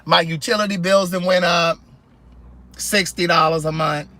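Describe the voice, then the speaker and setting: A man telling a story in casual vlog style from his car, animated and exasperated, acting out both sides of his phone calls. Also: sits high, normal speed. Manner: sassy, exasperated. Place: inside a car.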